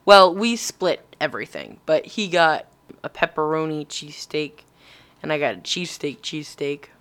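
A young woman chatting casually as a vlog co-host, giggly and animated as she tells stories. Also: sits low, moderate pace. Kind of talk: casual chat.

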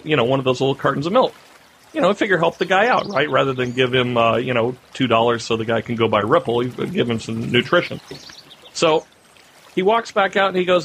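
A man co-hosting a podcast, telling a long anecdote in casual chat and getting animated as the story builds. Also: a little hiss or hum. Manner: animated storyteller, rising pitch when excited. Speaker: podcast co-host.

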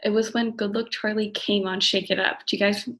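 A young woman guesting on a casual podcast, agreeable and quick to laugh, peppering her talk with "like" and "literally". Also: mid-range voice, little pitch movement, fairly bright tone. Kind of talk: casual chat.

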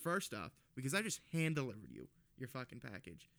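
A man co-hosting a casual podcast, ranting and swearing as he tells a story. He sounds heated and worked up, with an ordinary middle-pitched voice. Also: wildly swooping pitch, a little fast, gravelly, a bit bright. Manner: profane, ranting storyteller with laughs. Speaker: podcast co-host.

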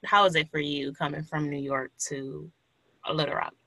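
An interviewer from Milwaukee asking questions in a relaxed, casual chat, full of fillers. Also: medium pitch, moderate pace, dry recording. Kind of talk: casual conversation.

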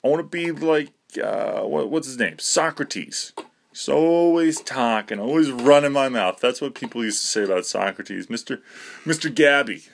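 A man's voice: mid-range voice, lively intonation, moderate pace, gravelly, a little hiss or hum. A young man rambling to camera in a self-mocking way, swearing casually and breaking into nervous laughter. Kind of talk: rambling monologue.

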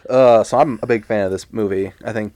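A man's voice: fairly low pitch, fairly even intonation, a little fast, warm tone. A man hosting a casual podcast chat, goofy and laughing, throwing in playful asides.

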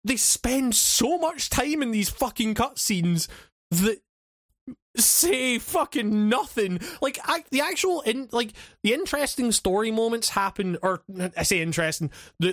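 Guy with a high voice rambling on a podcast, swears a lot, keeps restarting, dry close sound. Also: a bit bright, no echo. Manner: rambling, profane, many restarts and fillers; laughs often while talking. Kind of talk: casual chat.

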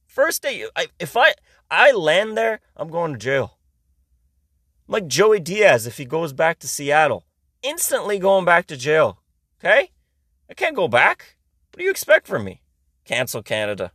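A man's voice: on the high side, big pitch swings, normal speed, pauses often, fairly bright tone, dry recording. Ranting sarcastic man from Iran, dry sound. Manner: ranting, sarcastic, heavy swearing. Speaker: podcast host. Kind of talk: casual comedic monologue.

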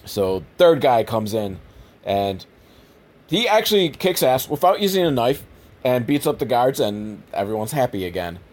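Animated rambling man reviewing a movie. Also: medium pitch, normal speed. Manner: rambling, self-deprecating, animated with voice impressions. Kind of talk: casual comedic movie commentary.

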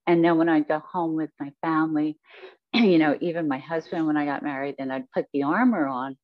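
A woman talks fairly quickly in a low voice with fairly even intonation, telling her life story as an interview guest in a reflective, rambling way full of fillers. No echo; the recording has a dull, dry quality.

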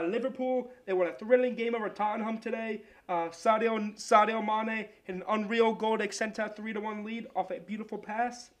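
A man putting on a clumsy mock English accent to read soccer results like a comic reporter. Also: high voice. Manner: clumsy put-on British accent, hammy newsreader delivery. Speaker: podcast host.

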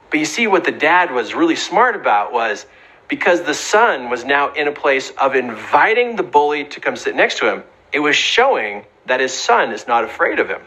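A man's voice: on the high side, big pitch swings, moderate pace, pushed and bright, rough recording. A middle-aged man giving an earnest, emphatic motivational talk, sometimes acting out the voices in his stories. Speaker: speaker giving advice on bullying.

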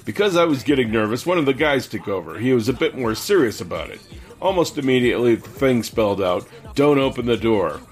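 A man reading stories aloud on a casual podcast at a middling pitch. He keeps a steady storytelling pace. Soft music sits faintly underneath. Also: brisk.

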